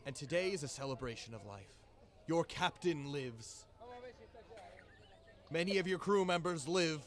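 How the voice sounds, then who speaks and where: A man's voice: on the high side, expressive, unhurried, pitched above the performer's own voice. A man voicing a jolly, boastful male pirate captain who makes grand toasting speeches. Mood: proud.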